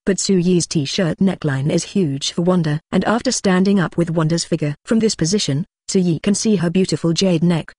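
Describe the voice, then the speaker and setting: A text-to-speech audiobook narrator reading a machine-translated web novel in a flat, evenly paced manner. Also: medium pitch, moderate pace, hardly any pauses, no room sound, studio quality.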